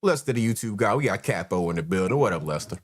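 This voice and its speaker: A man's voice: lowish voice, expressive, quick pace, slight background noise. A man, hosting a casual live stream and greeting chat members one by one in a laid-back way. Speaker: host.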